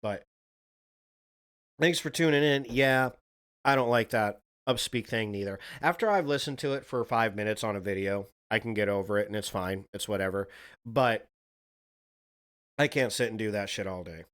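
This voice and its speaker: A man's voice: fairly low pitch, normal speed, long pauses, fairly bright tone. Rambling, profane male livestream host. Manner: rambling, profane, chats with viewers. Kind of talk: casual livestream reaction chat.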